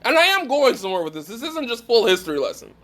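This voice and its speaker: Very high-voiced man preaching emphatically. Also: big pitch swings, fast talker, a bit bright. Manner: emphatic, questions the listeners directly. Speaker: speaker at a faith gathering. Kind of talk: preaching talk to a live group.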